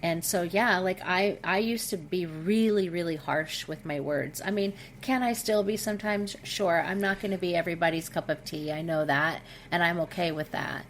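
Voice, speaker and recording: A middle-aged woman speaking as a podcast guest over a video call, candid and expressive, with frequent fillers. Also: fairly low pitch, moderate pace, few pauses, a little hiss or hum. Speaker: guest, intimacy coach. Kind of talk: casual podcast conversation.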